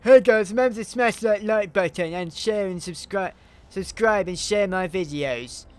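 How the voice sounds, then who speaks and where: A man putting on the voice of an overeager male YouTuber begging viewers to subscribe, in a high, bouncy parody voice. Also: normal speed, clear, resonant tone, lightly acted. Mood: mocking.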